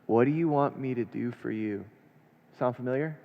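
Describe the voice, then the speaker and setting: A man preaching a sermon, reading scripture aloud and then unpacking it with rhetorical questions, his delivery swinging between hushed and emphatic. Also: medium pitch, normal speed, gravelly. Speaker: pastor. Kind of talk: expository sermon. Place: church sanctuary. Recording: long church reverb, dull lo-fi sound.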